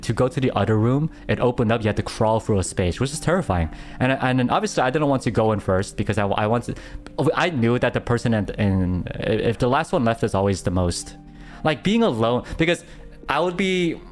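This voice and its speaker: A young man streamer telling a story in casual chat, animated, with stammering restarts and frequent laughter. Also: mid-range voice.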